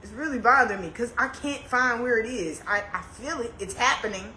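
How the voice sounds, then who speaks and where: A woman's voice: fairly high pitch, fairly quick, bright, forceful tone. Laughing woman groaning through a sore neck. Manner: laughing, complaining dramatically, reads comments aloud. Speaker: livestreamer. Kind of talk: casual livestream chat. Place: indoors, on a couch. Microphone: phone. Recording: echoey room, faint noise.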